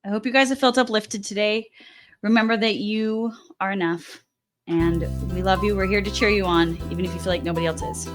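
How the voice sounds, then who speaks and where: A woman's voice: mid-range voice, fairly even intonation, a little fast. Affirming woman podcast co-host, music behind. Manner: affirming, signs off the show. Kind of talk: casual podcast chat.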